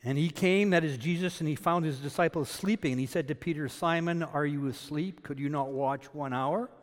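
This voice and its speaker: A man from Canada preaching a sermon. He swings between loud, emphatic peaks and quiet asides. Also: a little high, moderate pace, in a large hall. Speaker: pastor.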